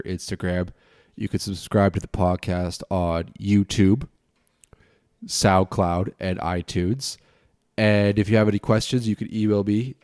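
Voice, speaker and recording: Man, low voice, dry close sound, rambling tipsy podcast rant, stuffed-up nose. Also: a little mellow, dry recording. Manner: ranting, swearing, tipsy and loose. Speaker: podcast host. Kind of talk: casual rambling solo podcast.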